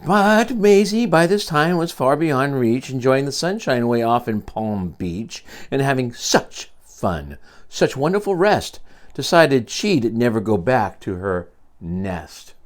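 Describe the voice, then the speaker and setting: Older man, storyteller, reading aloud to grandkids, lively pitch, soft asides. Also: slow pace. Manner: expressive, with quiet asides to the children.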